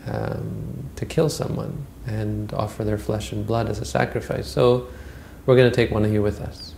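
A man's voice: lowish voice, flat delivery, normal speed, vocal fry, darkish tone, roomy sound, slight background noise. A man voicing the blunt ringleader of a gang of thieves, speaking matter-of-factly.

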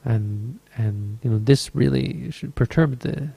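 A man's voice: mid-range voice, unhurried, creaky, mellow, breathy edge, no room sound. A man teaching as a Buddhist meditation teacher, telling a story in a dharma talk with an easygoing, rambling manner and frequent self-corrections.

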